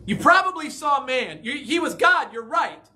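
A man's voice: very high-pitched, sing-song, moderate pace, sharp tone, a little hiss or hum. A man preaching a conversational sermon as pastor in a church, often asking the congregation questions.

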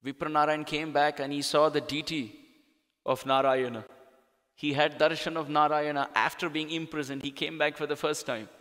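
A man's voice: fairly high pitch, fairly even intonation, moderate pace, fairly bright tone. A man giving a sermon, telling a devotional story in a dramatic style with acted quotes. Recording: long hall reverb.

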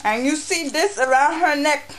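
A woman's voice: sits high, normal speed, fairly bright tone, slight background noise. A woman with an Anguillian accent, talking playfully to camera in a comic monologue, teasing and acting out exaggerated examples. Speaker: vlogger.

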